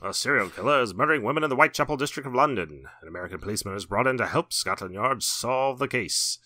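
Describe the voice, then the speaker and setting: A man's voice: medium pitch, expressive, fast, bright, forceful tone, dry recording, clean studio sound. A man co-hosting a horror film podcast, casually chatting and reading out release details with offhand asides. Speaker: podcast co-host. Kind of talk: casual chat.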